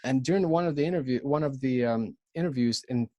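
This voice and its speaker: A man in his thirties from Ukraine with a Ukrainian accent, a podcast guest telling his story in an earnest, halting way with many restarts. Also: mid-range voice, a little mellow, dry recording, muffled recording. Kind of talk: casual storytelling.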